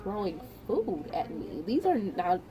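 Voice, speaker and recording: A woman's voice: mid-range voice, a little slow, a crowd in the background. Chatty woman vlogger telling a story. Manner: animated, chatty retelling with repeats. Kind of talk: casual storytime.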